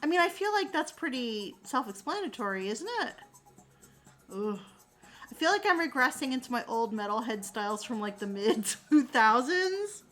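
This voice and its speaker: Bright, animated woman chatting on stream. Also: on the high side. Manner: animated, sarcastic, quick asides and laughs. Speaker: livestreamer reading chat. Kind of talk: casual chat.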